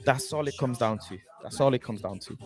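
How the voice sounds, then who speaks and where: A man hosting a football fan livestream, excitedly chatting, at times shouting and singing along. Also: mid-range voice, fairly quick. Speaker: football channel host. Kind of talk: livestream chat. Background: music playing.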